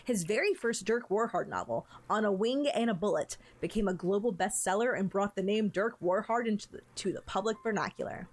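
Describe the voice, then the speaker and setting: A woman's voice: mid-range voice, animated, brisk, few pauses. A woman streamer reading a book from a game aloud to her chat, breaking off for playful asides.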